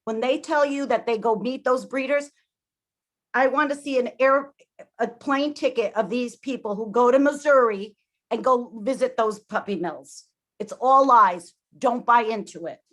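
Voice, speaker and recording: High-voiced upset woman testifying. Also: moderate pace. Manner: upset, pleading, apologetic. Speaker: public testimony speaker. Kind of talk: emotional public testimony.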